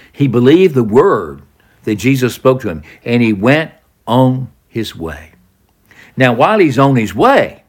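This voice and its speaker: A man teaching a Bible passage, retelling it slowly as a story and acting out the quoted words. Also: mid-range voice. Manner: slow, lively storytelling with dramatized quotes. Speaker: preacher.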